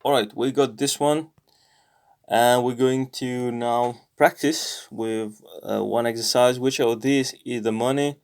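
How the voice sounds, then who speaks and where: Man, even mid voice, unhurried; learner narrating his own lesson, hesitant, lots of fillers. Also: medium pitch, smooth. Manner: halting, thinks aloud with many fillers; repeats app phrases slowly. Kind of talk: casual self-study commentary.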